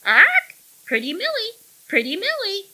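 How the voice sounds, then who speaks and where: A woman voicing a mischievous old male pirate parrot in an audiobook, with shrill, loud, squawking cries. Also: huge pitch swings, a little slow, exaggerated voice. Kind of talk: audiobook character voice.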